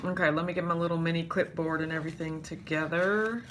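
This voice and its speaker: A woman's voice: fairly even intonation, fast, background noise. A young woman who has lost much of her voice, chatting casually and greeting viewers by name on a live stream. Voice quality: low, husky from strain. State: hoarse, losing her voice. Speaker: vlogger greeting live chat.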